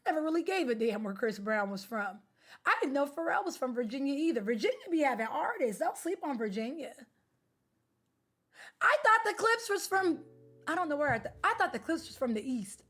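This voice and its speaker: A woman streamer chatting casually with her live viewers, animated, slangy and opinionated. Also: sits high, brisk. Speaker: game streamer.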